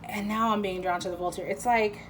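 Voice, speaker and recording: Woman tarot reader, chatty and unscripted, mid-pitched, full of fillers and casual curses; faint room ambience. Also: fairly even intonation, brisk, slight background noise. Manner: rambling, lots of "like", self-interrupting; swears casually and apologizes often. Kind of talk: casual channeled tarot reading.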